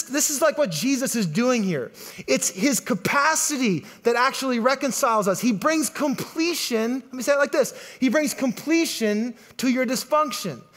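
Casual middle-aged male pastor, very high voice, animated sermon delivery that repeats words as it builds. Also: normal speed.

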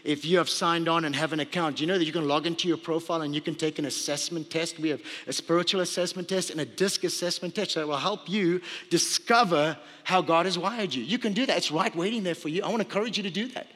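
A man's voice: fairly high pitch, quick pace, hardly any pauses, a bit bright. A pastor preaching a sermon to his church, urging listeners with repeated emphatic phrases. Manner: exhorting, repetitive emphasis. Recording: long hall reverb.

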